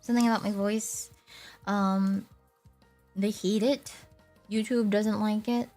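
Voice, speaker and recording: A woman's voice: mid-range voice, flat delivery, slow, warm tone, soft background music. A young woman chatting casually on a livestream, rambling, teasing herself and laughing often. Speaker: VTuber streamer.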